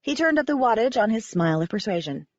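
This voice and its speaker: A woman reading a first-person audiobook in a wry, expressive narration. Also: a little high, quick pace, no echo, muffled recording.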